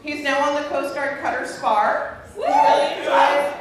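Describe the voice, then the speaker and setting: High-voiced woman host in an echoey hall. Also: big pitch swings, a little slow, over a noisy crowd. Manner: friendly, informal. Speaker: event host. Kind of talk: introducing a speaker. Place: stage at a live storytelling event. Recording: echoey hall, distant mic, audience noise.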